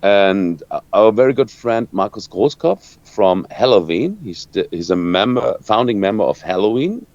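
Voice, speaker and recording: German-accented man, halting and low. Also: lively intonation, darkish tone, no room sound. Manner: halting, searching for words, many restarts. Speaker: rock guitarist. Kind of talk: interview answers. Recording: dull lo-fi dry sound.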